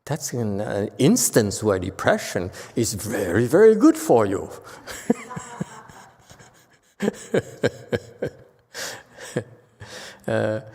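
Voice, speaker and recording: A man's voice: fairly low pitch, very animated, takes it slowly, long pauses, mellow, slightly rough. A man teaching as a Buddhist master in a Dharma lecture, teasing and blunt with his listeners and laughing often. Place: temple lecture hall. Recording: long hall reverb.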